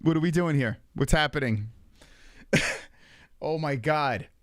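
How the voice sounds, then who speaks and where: A young man hosting a casual livestream, talking in an animated, profane way and laughing often. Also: a little high, measured pace, no room sound, studio quality. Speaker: livestream host.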